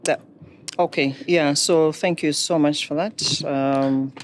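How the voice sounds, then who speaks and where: A middle-aged woman, a banking expert giving measured, instructive advice. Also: sits low, fairly even intonation, slight background noise. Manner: measured, instructive, poses questions to listeners. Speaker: banking and microfinance expert guest. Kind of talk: explanatory advice talk.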